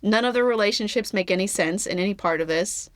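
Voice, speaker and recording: A woman's voice: mid-range voice, fast, no room sound. A woman co-hosting a podcast, chatting casually about a movie in a teasing, dry manner. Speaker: podcast co-host.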